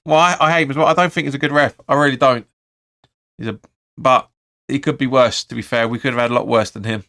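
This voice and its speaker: A man's voice: mid-range voice, steady tone, quick pace, bright, forceful tone. A man hosting a live football watch-along, calling the play and chatting through viewer comments with blunt opinions. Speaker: fan channel host.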